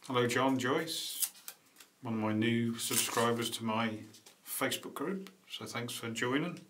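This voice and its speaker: A man's voice: mid-range voice, measured pace, noisy background. A man chatting casually on a live stream, rambling and greeting viewers between tasks. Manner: rambling, chatty, frequent ums and uhs. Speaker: vlogger hosting a live stream.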